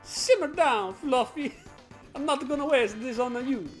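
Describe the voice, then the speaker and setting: A player putting on a loud, hammy voice for a blustering boss villain while reading game dialogue aloud. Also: high voice, expressive, a little slow, soft background music, pitched above the performer's own voice. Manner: loud, hammy, shouted boasts.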